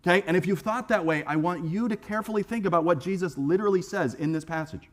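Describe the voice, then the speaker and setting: Talking fast, this pastor preaches conversationally from the church sanctuary, animated and prone to acting out the voices he quotes. He has a slightly high male voice and tends to repeat a word as he launches into each phrase.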